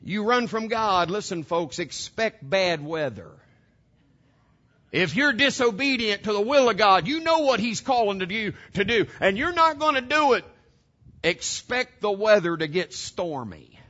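A man's voice: sits high, animated, a little slow, bright, forceful tone, lo-fi sound. A man preaching a sermon to his congregation, emphatic and direct, throwing out rhetorical questions. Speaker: pastor.

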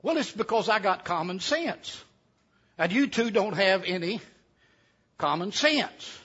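A man's voice: normal speed, breathy edge. Tricky Tom, a man doing a smug, drawling schemer. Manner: calm, smug, low and quiet. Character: sly, lazy, calm country man Tom. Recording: dull lo-fi recording.

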